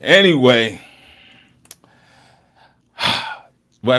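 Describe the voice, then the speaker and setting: A man hosting a live study session in a casual, joking way, laughing often and moving between loud and hushed talk. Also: on the low side, lively intonation, moderate pace, long pauses. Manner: teasing, joking with the chat.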